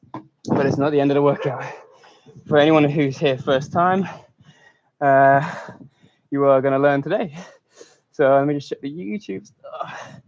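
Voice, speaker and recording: A winded male fitness coach leads a live workout, calling out counts and pushing people to keep going. His voice sits a little high and his pace is unhurried. The stream audio is dull and lo-fi. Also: no room sound. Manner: counts down reps and urges on, with short laughs. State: out of breath.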